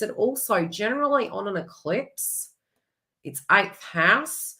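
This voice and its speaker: A woman giving a chatty, rambling astrology reading with animated asides. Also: mid-range voice, slow. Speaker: astrology reader. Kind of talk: casual astrology forecast.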